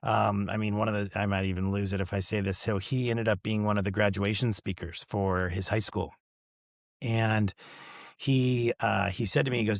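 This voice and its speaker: A man's voice: fairly low pitch, fairly even intonation, brisk, creaky, no echo, studio quality. A middle-aged man hosting a podcast, telling a story in a rambling, casual way with lots of fillers and quoted dialogue. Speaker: podcast host. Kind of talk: casual chat.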